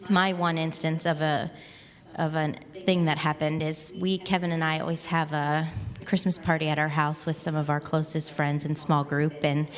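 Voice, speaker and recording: A woman with a lower voice shares a story about a misunderstanding with a friend. She talks candidly and pokes fun at herself. Her voice rings with the long reverb of a church hall. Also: little pitch movement, normal speed, a crowd in the background. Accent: American. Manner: candid, self-mocking, laughs at herself. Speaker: panel guest at a women's church event. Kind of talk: casual storytelling on stage.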